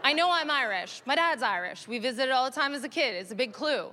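A woman doing stand-up comedy on stage, talking in an animated, sardonic way and laughing through her punchlines. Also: sits high, brisk, slight background noise. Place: comedy stage with live audience.

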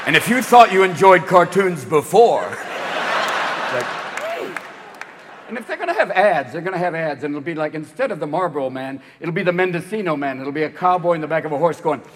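Manic stand-up comic on a live stage. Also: male voice, a little high, expressive. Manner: rapid, manic, jumps into character voices. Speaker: stand-up comedian. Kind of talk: stand-up comedy routine. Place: live comedy club stage. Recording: echoing venue, loud crowd laughter.

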